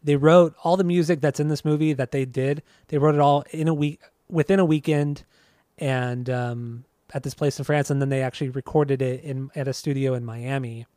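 A man's voice: mid-range voice, fairly even intonation, moderate pace, warm tone, no echo, clean studio sound. A man hosting a podcast, chatting casually with a rambling, hesitant way of talking. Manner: rambling, hesitant, full of restarts. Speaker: podcast host. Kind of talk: casual chat.

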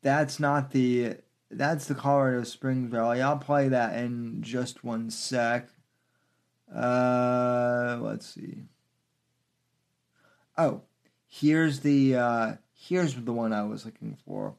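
Slow, halting podcast host, a man. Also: mid-range voice, animated, vocal fry. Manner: halting, full of fillers. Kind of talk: political commentary podcast.

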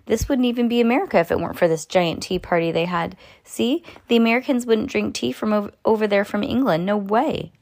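A dramatic, excitable girl who proclaims and bosses her little brother around, put on by a woman reading a storybook. Slightly gravelly, lively and quick. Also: medium pitch, lightly acted. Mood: excited. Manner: bouncy, proclaiming.

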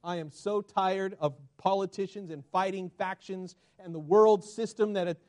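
Male pastor, high-pitched, preaching in church, loud then hushed. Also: fairly even intonation, unhurried, hardly any pauses. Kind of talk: sermon.

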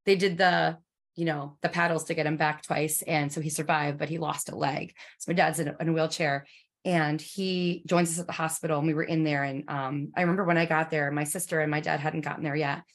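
A woman in her forties telling a personal story in an emotional, halting way, with many fillers and restarts. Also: low voice, fairly even intonation.

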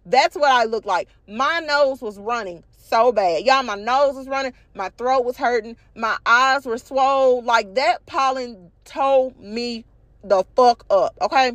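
A high-voiced young woman with a drawl and a stuffed-up, allergy-congested sound rants to her viewers in a casual, swear-filled way. The recording is close and dry, with no room sound around her. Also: unhurried, no room sound. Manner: profane, animated, addresses viewers as y'all. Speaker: vlog host. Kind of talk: casual storytelling rant.

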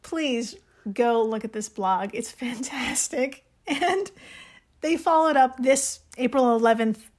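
A woman's voice: fairly high pitch, takes it slowly, a little mellow. A woman hosting a podcast in casual chat, enthusiastic, swearing freely and laughing often. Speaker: podcast host.

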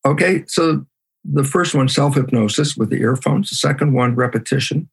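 A man's voice: mid-range voice, normal speed, gravelly, slightly rough. A man being interviewed as a guest biologist, talking emphatically and animatedly. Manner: emphatic, acts out his own side of conversations.

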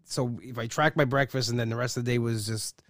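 A man in his forties hosting a podcast, chatting casually from a studio and rambling with many halting restarts. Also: mid-range voice, fairly even intonation, fairly bright tone, no echo. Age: 40s. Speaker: podcast host. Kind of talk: casual chat.

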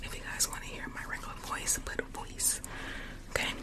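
A woman whispering softly and chatting with viewers during an ASMR live stream, close to a sensitive condenser microphone. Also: a little fast. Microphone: USB condenser mic up close.

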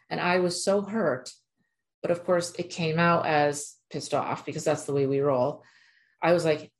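A woman's voice: low voice, steady tone, unhurried. A woman who works as an animal communicator, telling a personal story in a chatty, emphatic way with lots of fillers. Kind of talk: casual storytelling monologue.

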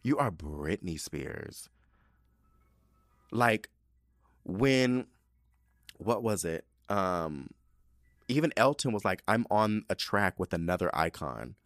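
A man hosting a casual solo podcast, sassy and animated, using slang and swearing, often jumping into high excited bursts. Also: slow pace, pauses often, dry recording, studio quality. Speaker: podcast host.

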